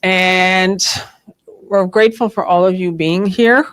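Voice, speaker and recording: A woman hosting a spiritual community gathering, giving thanks, announcements and a blessing in an earnest, measured way. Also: on the low side, steady tone, clean tone, no room sound. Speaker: host. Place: community meeting room.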